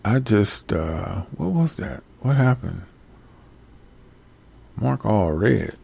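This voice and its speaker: Gravelly-voiced man ranting on a livestream. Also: big pitch swings, slow pace. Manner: blunt and profane, swinging into loud, high-pitched outbursts. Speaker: livestream host. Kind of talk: casual livestream rant.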